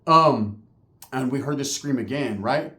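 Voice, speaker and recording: A man's voice: medium pitch, a little slow, bright, forceful tone. A man from California telling a story in a casual, profane, slangy way. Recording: roomy echo.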